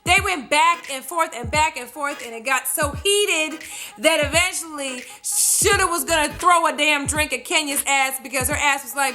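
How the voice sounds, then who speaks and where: A woman's voice: high voice, moderate pace, soft background music. A woman doing a profane, sassy recap vlog of a reality show, acting out what people said. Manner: sassy, animated, acts out quotes. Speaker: vlogger reviewing a reality show.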